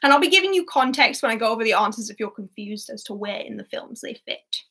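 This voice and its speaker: A young woman hosts a casual online quiz, chatting and giggling between questions. Her voice sits high and sounds bright and clear. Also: animated, fast, a little hiss or hum. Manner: chatty, giggly, reads scores aloud. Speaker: quiz host.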